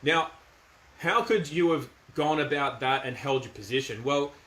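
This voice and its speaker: A middle-aged Australian man, a commentator, delivers a casual yet firm and emphatic monologue. His voice is medium-pitched and fairly bright, moving at a moderate pace. The room has a noticeable echo.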